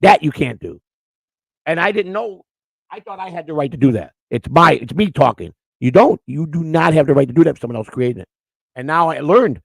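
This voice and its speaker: Gravelly man rambling on a live stream. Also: on the high side, animated, fairly quick, no room sound, rough recording. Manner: crude, rambling, repeats words. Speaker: co-host of a live-streamed morning show. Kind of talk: rambling casual chat reading live chat.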